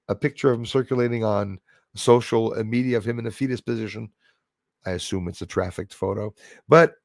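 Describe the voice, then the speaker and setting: Gravelly man chatting live. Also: mid-range voice, no room sound, studio quality. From Canada. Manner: rambling, blunt, greets viewers by name. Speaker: livestream host reading chat. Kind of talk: casual live-stream chat.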